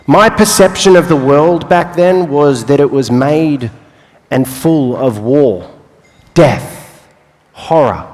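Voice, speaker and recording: A young man giving a motivational talk on stage, telling his life story with long pauses and playful asides. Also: on the high side, expressive, a little mellow. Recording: live hall with long reverb.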